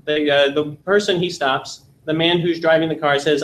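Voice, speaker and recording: A male lecturer telling a joke as part of a lesson, in relaxed storytelling with hesitant fillers. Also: fairly high pitch, normal speed, slight background noise, rough recording.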